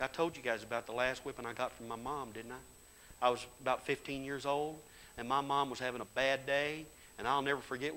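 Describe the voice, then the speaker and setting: A middle-aged man preaching a sermon in a church. He tells folksy stories in plain grammar and builds to loud, fervent exhortation. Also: mid-range voice, a little hiss or hum, rough recording. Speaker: pastor. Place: church sanctuary.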